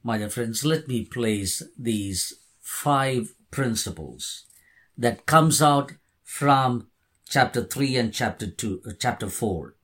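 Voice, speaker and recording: Slow, earnest preacher. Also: male voice, medium pitch, lively intonation, a bit bright. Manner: earnest, emphatic, repeats key words. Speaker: pastor. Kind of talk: sermon.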